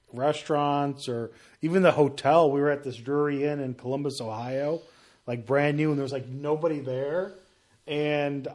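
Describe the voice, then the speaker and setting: A man in a casual podcast chat, relaxed and full of fillers. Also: medium pitch.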